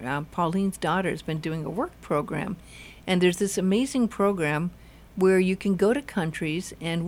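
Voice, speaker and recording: A woman host with a slightly low voice, chatting casually and dropping quick reactions. She talks freely and follows up with questions and her own asides. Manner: chatty, reacts with short interjections. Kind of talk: casual chat.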